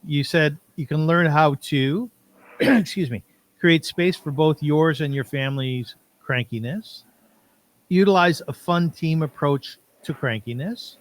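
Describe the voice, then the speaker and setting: Podcast host guy, a bit high-pitched, asks long rambling questions off his notes. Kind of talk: casual podcast interview.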